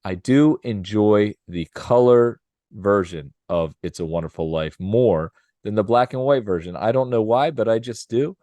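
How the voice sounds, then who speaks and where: A man co-hosting a casual podcast chat, upbeat and quick to laugh. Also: on the low side, dark tone, no echo. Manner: upbeat, laughs often, does playful impressions. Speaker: podcast co-host.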